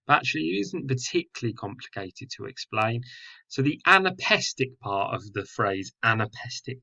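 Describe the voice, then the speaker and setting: A man's voice: mid-range voice, sharp tone, muffled recording. A man teaching a poetry lesson, explaining patiently with fillers and self-corrections. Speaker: English teacher.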